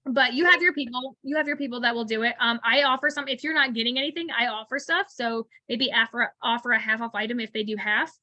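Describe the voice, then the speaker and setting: A woman coaching on a video call, chatty and animated, often acting out what to say on the phone. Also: on the high side, quick pace, few pauses, no echo, lo-fi sound. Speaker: sales coach.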